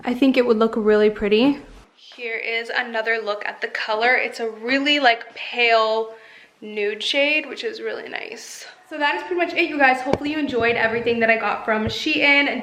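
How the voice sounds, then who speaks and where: A woman's voice: fairly high pitch, normal speed, a bit bright. A woman vlogger chatting enthusiastically through a clothing try-on haul, full of "like" and casual asides. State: slightly out of breath. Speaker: fashion vlogger. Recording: echoey room.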